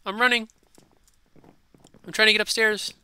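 A man hosting a gaming channel, chatting casually and excitably over gameplay and repeating himself in a silly way. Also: high voice, moderate pace, clean tone, no room sound.

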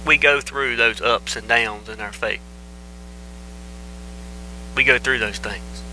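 A man preaches with a sharp, bright, forceful voice. He hammers his points home by repeating short phrases. It is a plain, earnest church sermon. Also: medium pitch, takes it slowly, slight background noise, rough recording. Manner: emphatic, repeats phrases for stress. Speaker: pastor.

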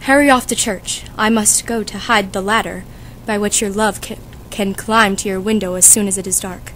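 A woman's voice: mid-range voice, steady tone, a bit bright, slight background noise, close to an everyday voice. A woman playing a fussy, chatty old nurse who complains and teases, reading for a school audiobook. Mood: fussing. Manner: complaining, teasing, drawn-out.

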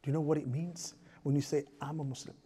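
Male imam, mosque lecture, brisk husky delivery, rhetorical questions, chanted recitation. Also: on the high side, little pitch movement, mellow.

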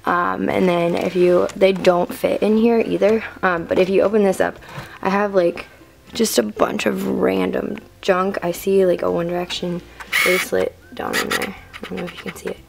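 A woman's voice: fairly low pitch, little pitch movement, moderate pace, creaky, background noise. A teenage girl giving a rambling, filler-heavy room-tour vlog to a handheld camera in her bedroom. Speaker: vlogger.

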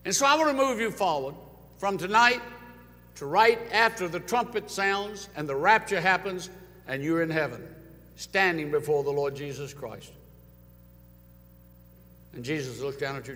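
A man's voice: fairly high pitch, moderate pace, long pauses. Preacher man in a reverberant church. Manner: dramatic, swinging from loud urging to soft hushed lines. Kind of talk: sermon. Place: church sanctuary. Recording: long church hall reverb.

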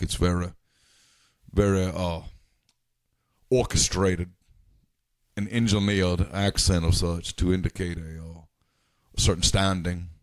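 A man co-hosting a casual sports podcast, talking insistently and jumping up in pitch when he gets worked up. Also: dry recording. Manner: animated, insistent, pitch jumps when excited. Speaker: podcast co-host.

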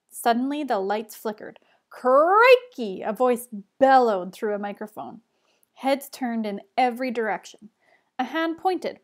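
A woman reads a children's chapter book aloud in an expressive teacher's manner. Her voice sits high and bright.

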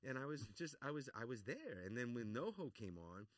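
A middle-aged man, an actor and podcast guest, telling lively anecdotes in a casual interview, repeating phrases for emphasis. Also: medium pitch, a little fast, no room sound, distant mic. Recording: voice somewhat off-mic, dry.

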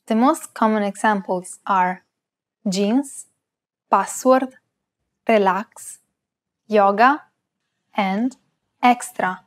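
A woman co-hosting a scripted language lesson. She says example words slowly and carefully so that learners can repeat them. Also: mid-range voice.

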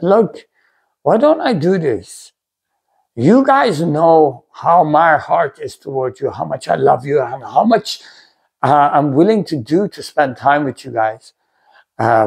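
Man from Iran, earnest halting testimony, fairly high voice, very lively intonation. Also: vocal fry, breathy edge. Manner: earnest, halting, many fillers and restarts. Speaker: pastor, ministry video host. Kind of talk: personal testimony talk.

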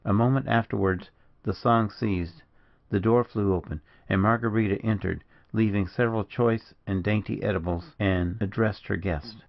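Male audiobook narrator, low gravelly voice, measured reading, dull lo-fi recording. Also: fairly even intonation. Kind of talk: scripted narration.

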